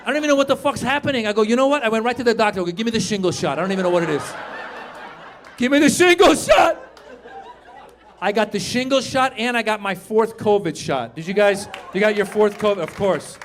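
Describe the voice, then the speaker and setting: A man in his fifties doing stand-up comedy on a club stage, working the crowd with loud, animated delivery and shouted punchlines. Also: high-pitched, quick pace, hardly any pauses, slight background noise. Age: 50s.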